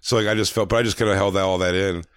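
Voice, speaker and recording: A man's voice: low-pitched, fairly even intonation, rapid-fire, a bit bright, clear, resonant tone, no echo, studio quality. A man co-hosting a podcast, telling a long story in casual chat, full of fillers and acted-out quotes. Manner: rambling, filler-heavy, acts out quoted lines. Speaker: podcast co-host.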